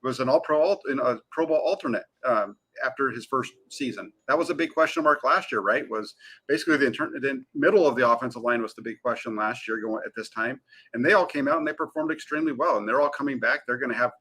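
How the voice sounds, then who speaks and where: Sports reporter dude, talks super fast, bright punchy voice, lots of uhs. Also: male voice, mid-range voice, breathy edge. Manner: eager and energetic, frequent fillers. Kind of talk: casual sports talk.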